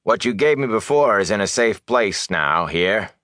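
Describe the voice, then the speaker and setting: A sullen, shifty ferryman, as a male narrator puts him on, grumbling low and sly, then snapping into high, panicky commands. The storybook figure is on edge and greedy. The recording is dry and close. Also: lively intonation, moderate pace, no echo. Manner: surly muttering, then shrill nervous shouting. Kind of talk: audiobook character voice.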